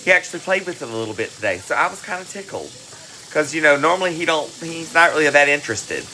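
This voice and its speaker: A woman's voice: sits low, animated, quick pace, bright, forceful tone, slight background noise, poor audio. A woman hosting a cooking livestream, greeting viewers by name in a chatty, affectionate way. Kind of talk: casual live-stream chat. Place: home kitchen.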